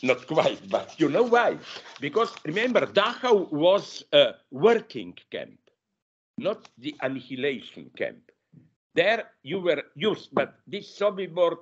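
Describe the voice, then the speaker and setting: Male lecturer, slow delivery, fairly high and animated pitch, digressive with constant self-corrections, in a university room. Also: slight background noise. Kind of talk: masterclass lecture. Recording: dull lo-fi lecture recording.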